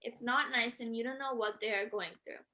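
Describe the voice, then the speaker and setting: A woman's voice: a little high, fairly even intonation, a little fast, pushed and bright. A woman reading aloud as a schoolgirl who stands up to bullies, polite but firm.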